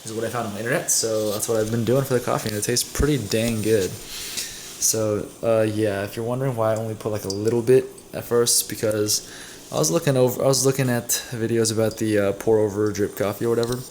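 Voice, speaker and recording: On a camera mic with slight hiss, a young male vlogger talks fairly quickly in a low, steady, darkish voice. He rambles about his day's meals as he brews coffee at home, correcting himself often.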